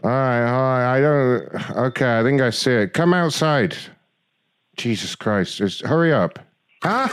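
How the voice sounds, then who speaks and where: A man's voice: mid-range voice, unhurried, clear, resonant tone, no room sound. A man prank-calling as a pizza driver, getting combative and profane as the argument grows. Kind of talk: prank call.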